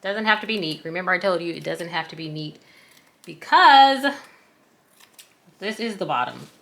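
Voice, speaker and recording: A woman's voice: lowish voice, lively intonation, moderate pace, creaky, fairly bright tone. A woman with a Southern US accent, chatting casually while walking viewers through a sewing tutorial in a folksy, self-deprecating way. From American South. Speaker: craft tutorial host.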